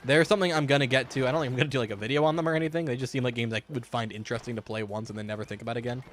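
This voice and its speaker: A man's voice: medium pitch, steady tone, rapid-fire, a little hiss or hum. A man giving casual, rambling commentary while streaming a game, joking and swearing freely, in a hot room at home.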